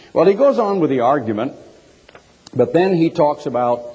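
A man preaching a sermon, telling a story in a measured way and reading aloud from a book, slowing down on key words. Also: mid-range voice, a little mellow, breathy edge. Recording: reverberant hall.

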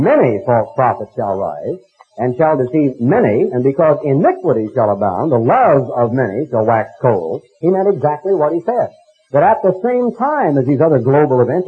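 Folksy American preacher, husky, tinny. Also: male voice, medium pitch, very animated, moderate pace. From United States. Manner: folksy storytelling, mocking impressions. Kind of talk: sermon with anecdotes. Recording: tinny phone-like recording.

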